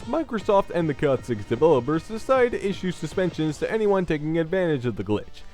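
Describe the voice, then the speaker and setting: A man delivers scripted gaming commentary in a sarcastic, crude tone. His voice sits a little high and leaps around with animated, lively pitch swings. Soft music plays quietly underneath. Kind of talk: scripted video game commentary.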